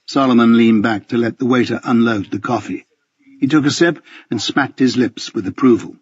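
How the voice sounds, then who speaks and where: A man's voice: medium pitch, moderate pace, husky, no room sound, dull audio. A man narrating a first-person audiobook with a dry, wry, understated delivery.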